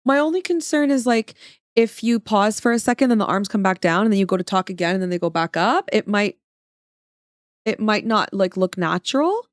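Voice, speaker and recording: A woman chatting casually on a livestream while she works. She talks to her viewers in a playful, joking way and plays up mock drama. Her voice sits at an average pitch, and the recording is dry and close. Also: lively intonation, a little fast, no room sound. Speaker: streamer and artist.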